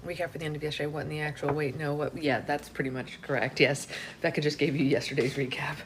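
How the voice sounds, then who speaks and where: Low-voiced, chatty woman hosting a home book club stream; echoey room, faint background hiss. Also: flat delivery, fast talker. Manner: chatty, greets viewers by name. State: hiccups. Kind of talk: casual livestream chat and read-aloud.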